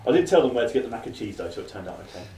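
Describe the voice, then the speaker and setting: Fast-talking man, roomy distant sound. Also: mid-range voice, big pitch swings, dark tone, faint music behind. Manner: fast, chatty, self-mocking anecdotes. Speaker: podcast host. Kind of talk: casual storytelling chat.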